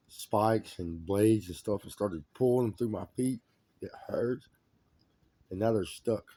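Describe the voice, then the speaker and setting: Man with a very dark, mellow voice. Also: on the low side. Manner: agitated, repetitive, emphatic complaints. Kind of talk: rambling monologue to camera.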